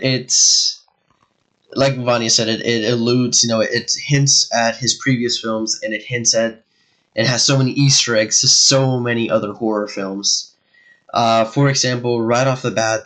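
A man co-hosts a casual movie chat, his voice sitting at a middle pitch. He rambles in a relaxed way, restarting sentences and leaning on fillers. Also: low-quality recording. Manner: laid-back, with fillers and restarts. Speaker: podcast co-host.

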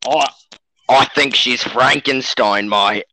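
Fields: a man putting on a croaky, bright, exaggerated Aussie bloke character. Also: mid-range voice, slow, no echo, rough recording. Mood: boisterous. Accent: put-on Australian. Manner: catchphrase-heavy, deadpan rambling. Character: over-the-top stereotypical Australian bloke. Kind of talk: comedy podcast bit.

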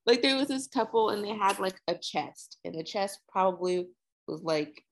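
A woman guest on a podcast in casual chat, telling animated stories and laughing. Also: medium pitch, normal speed.

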